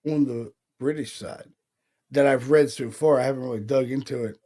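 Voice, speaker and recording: A man with a medium-pitched, dark-toned voice talks at a moderate pace in casual chat. He's a Pennsylvania paranormal investigator co-hosting a podcast, loosely telling stories, acting out the voices he heard, and swearing casually.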